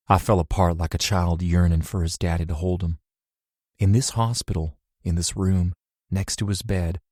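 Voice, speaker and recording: A man reading first-person scripted narration in a measured, emotional way. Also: low voice, darkish tone, dry recording, studio quality. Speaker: audiobook narrator.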